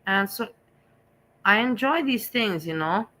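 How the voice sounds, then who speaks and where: Middle-aged female host, confessional and repetitive, bright edge to the voice. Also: medium pitch, animated, unhurried, poor audio. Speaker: vlog host. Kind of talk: candid casual chat.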